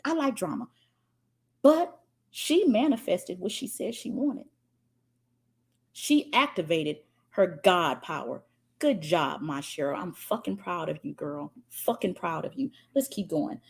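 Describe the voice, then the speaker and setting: A woman's voice: fairly low pitch, sing-song, measured pace, creaky, husky. A woman spiritual coach, giving a profane, dramatic motivational talk and reading out viewer comments. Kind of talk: live-stream motivational talk.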